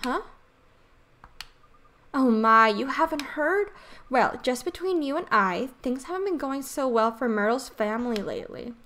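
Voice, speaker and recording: A woman's voice: sits high, animated, a little slow, fairly bright tone. A woman voicing a gossipy, kindly old neighbor woman as she reads a game's dialogue aloud, in a fussy, confiding way. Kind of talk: reading game dialogue aloud.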